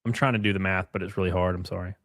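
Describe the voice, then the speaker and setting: A man's voice: low-pitched, fairly even intonation, rapid-fire, no room sound, clean studio sound. A man hosting a casual livestream, talking bluntly with plenty of swearing and reading out viewer messages. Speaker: livestream host.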